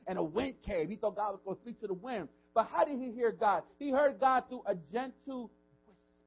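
Brisk and high-voiced, with vocal fry and a husky quality, a pastor preaches a sermon that swings from loud emphasis to a hushed whisper. He speaks informally, repeating words as he questions the congregation, and the recording's highs are cut off.

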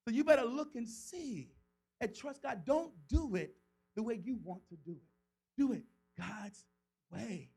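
A male pastor with a notably high voice delivers a sermon. He voices scripture characters dramatically, swinging from soft, low-key explanation to loud, impassioned shouts. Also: sing-song, slow, vocal fry, breathy edge, faint music behind, rough recording. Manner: preaching with dramatic voiced quotes, rising to shouts.

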